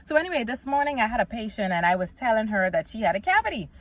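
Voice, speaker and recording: A woman's voice: fairly high pitch, very animated, quick pace, no room sound. A woman, giving an earnest, faith-filled vlog talk and quoting scripture. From Bahamas. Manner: earnest and preachy, quotes scripture, acts out little dialogues. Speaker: vlogger. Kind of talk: casual faith-based talk to camera.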